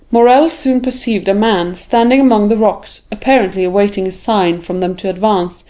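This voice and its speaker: Mellow-voiced woman reading a classic novel. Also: mid-range voice. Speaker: audiobook narrator. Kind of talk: scripted narration.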